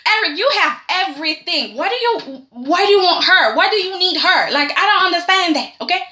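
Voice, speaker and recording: Woman playing whiny grown son, pleading, high, echoey room. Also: normal speed, pushed and bright. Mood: whining. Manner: pleading, repeats "okay?". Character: whiny, pleading grown son complaining about his mother. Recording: roomy echo.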